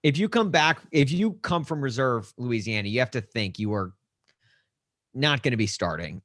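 A man co-hosting a casual sports podcast, rambling and joking, often acting out mock dialogue in a higher voice. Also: animated, moderate pace, fairly bright tone, no echo, clean studio sound. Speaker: podcast co-host.

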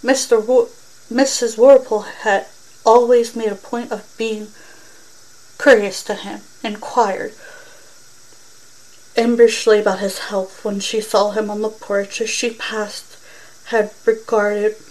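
A woman's voice: medium pitch, rough recording. Woman reading a story aloud. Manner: plain, steady reading with small slips. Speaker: storyteller podcaster.

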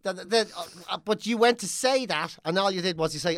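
An Irish man co-hosting a podcast, telling stories in a casual, animated and sweary way. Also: sits high, a little fast, no room sound, studio quality. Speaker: podcast co-host. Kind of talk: casual chat, storytelling.

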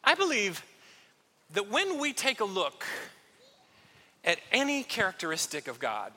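A man's voice: high-pitched, huge pitch swings, a little slow, long pauses, bright, forceful tone, big-room sound. A man preaching a conversational sermon as pastor, acting out little scenes and poking fun at himself. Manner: conversational, self-deprecating, acts out little scenes.

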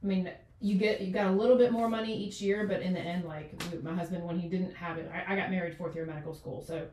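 This interview guest, a doctor in her forties, has a lowish, darkish voice with a steady tone and quick pace. She rambles casually, full of fillers and restarts, recorded from a distance in an echoey room with slight background noise.

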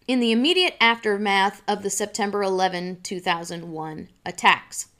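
A woman's voice: fairly high pitch, pushed and bright. A woman hosting a show, telling an exasperated, emphatic story and then explaining a legal argument. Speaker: show host.

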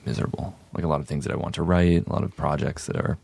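A young man answering interview questions in a terse, flat, understated way. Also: extremely low pitch, rapid-fire, creaky, no echo. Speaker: guest. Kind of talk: casual interview chat.

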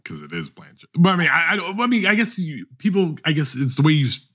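A man hosting a podcast, talking animatedly in a casual roundtable chat with many quick restarts. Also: on the high side, wildly swooping pitch, sharp tone. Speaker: podcast host.

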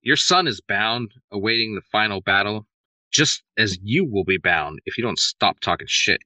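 A man's voice: lowish voice, lively intonation, normal speed, pushed and bright, dry recording, rough recording. A man reading the lines of a proud male god giving a stern warning.

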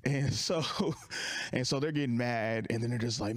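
A comedian telling a rambling story in casual chat, full of fillers and restarts. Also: male voice, medium pitch, steady tone, normal speed, dry recording, clean studio sound.

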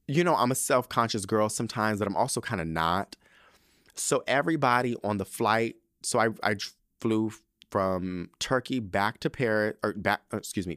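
A man's voice: lowish voice, a bit bright, dry recording, studio quality. A man hosting a podcast, talking in a candid, chatty way with frequent slang and profane asides. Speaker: podcast host. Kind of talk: casual chat.

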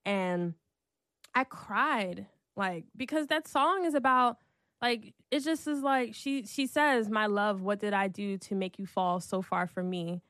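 A woman's voice: medium pitch, measured pace, fairly bright tone, no room sound, studio quality. A woman in her thirties in a casual, heartfelt conversation, chatty, leaning on "like" a lot and laughing often. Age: 30s.

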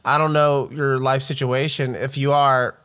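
A man's voice: mid-range voice, little pitch movement, a little slow, a bit bright, clear, resonant tone. A man co-hosting a casual comedy podcast, joking, swearing and laughing often. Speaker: podcast co-host.

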